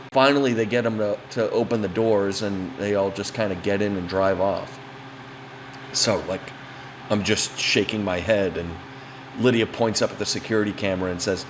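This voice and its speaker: A man's voice: lowish voice, dull audio, noisy background. A man telling a funny anecdote in a rambling, profane, casual way. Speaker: storyteller.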